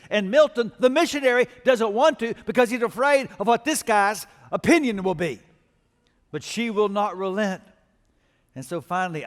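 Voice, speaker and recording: A man's voice: high-pitched, normal speed. A male pastor preaching a sermon in a large church auditorium, telling stories and building to emphatic calls to action. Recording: long reverb of a large church hall.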